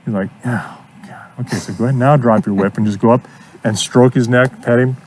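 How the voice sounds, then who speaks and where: A man coaching a student through horse training outdoors, giving steady encouragement and repeating his praise. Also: mid-range voice, quick pace, slight background noise. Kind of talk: hands-on coaching.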